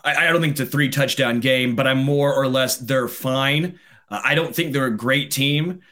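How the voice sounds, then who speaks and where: A man's voice: medium pitch, moderate pace, sharp tone. A man co-hosting a casual sports talk show, laid-back and laughing easily, also reading a sponsor spot. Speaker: sports podcast co-host. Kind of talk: casual sports chat with ad read.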